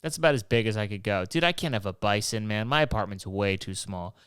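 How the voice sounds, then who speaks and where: A man's voice: on the low side, a little fast, fairly bright tone, clean tone, no room sound, studio quality. A young man hosting his own show, rambling casually and swearing, mocking himself as he goes. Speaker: podcast host. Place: New York City apartment.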